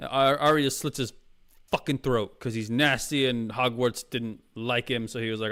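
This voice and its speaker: A man chats casually to his stream viewers, rambling and restarting with plenty of fillers. He keeps calling them "Mama". His voice is smooth and clear and sits at a middle pitch. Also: normal speed, pushed and bright. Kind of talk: casual review chat.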